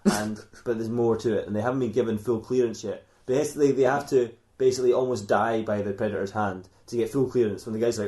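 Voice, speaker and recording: A man's voice: lowish voice, fairly even intonation, fast, few pauses, dark tone. A man co-hosting a comedy podcast, telling a silly fan fiction story in a rambling way and laughing often at his own jokes.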